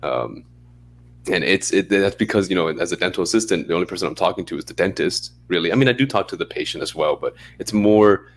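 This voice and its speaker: A young man co-hosting a podcast in casual chat, relaxed and rambling, often laughing as he talks. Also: low-pitched, fast talker, a little hiss or hum. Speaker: podcast co-host.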